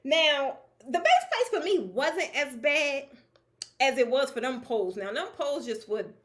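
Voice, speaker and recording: A woman running a draping business, giving a casual, lively talk to an audience of peers, laughing often and speaking in a colloquial, emphatic way. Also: sits high, unhurried.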